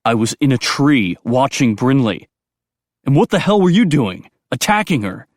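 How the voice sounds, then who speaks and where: A man voicing a protective vampire warrior who sounds dry, gruff and exasperated. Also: mid-range voice, big pitch swings, normal speed, no echo, voice pushed up, natural voice. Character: wry, protective young male vampire warrior.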